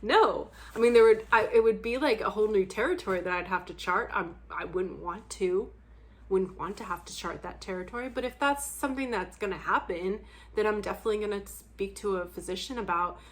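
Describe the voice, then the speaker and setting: A woman's voice: mid-range voice, fairly quick. Blunt, candid woman chatting casually. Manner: blunt, candid, laughs often, swears casually. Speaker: book vlogger. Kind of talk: casual chat to camera.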